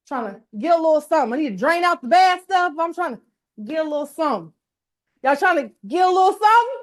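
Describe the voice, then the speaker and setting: A woman leading a motivational workshop, pumping up a live audience with colloquial call-and-response. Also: sits high. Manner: colloquial, uses "y'all". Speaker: workshop speaker. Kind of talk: energetic motivational workshop talk.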